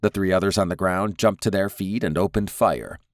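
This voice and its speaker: A man reading an audiobook as narrator, in measured, even storytelling. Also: low-pitched, no echo, studio quality. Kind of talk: scripted narration.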